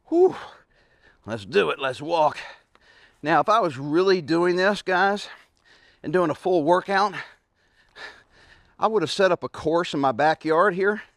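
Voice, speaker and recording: A winded man in his forties coaches carrying exercises while he does them, his fairly high voice broken by grunts and heavy sighs. The sound is close and dry, with no room around it. He talks casually, like a coach demonstrating in his own backyard. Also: expressive, measured pace, creaky, long pauses, fairly bright tone, no room sound. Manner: talks while lifting, grunting and sighing with effort. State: out of breath. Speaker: fitness coach. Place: outdoors in a backyard.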